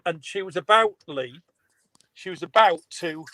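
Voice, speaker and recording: A man's voice: high voice, normal speed, dry recording, rough recording. A man, animatedly telling a story over a video call. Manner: animated storyteller, laughs often. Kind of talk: casual video call chat.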